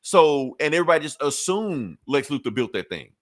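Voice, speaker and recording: Lively casual man retelling a story. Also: fairly high pitch, dry recording. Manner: loose, profane storytelling with quick acted-out quotes. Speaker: comic book podcast host. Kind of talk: casual chat.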